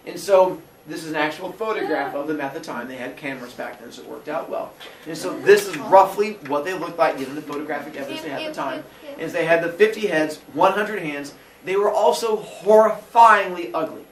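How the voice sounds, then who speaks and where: A man teaching a class, telling a myth in a comic way and jumping into quick character voices. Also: fairly high pitch. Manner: animated, jokey, acts out characters in quick voices. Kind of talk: comic storytelling lesson. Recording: roomy echo from far off with faint noise.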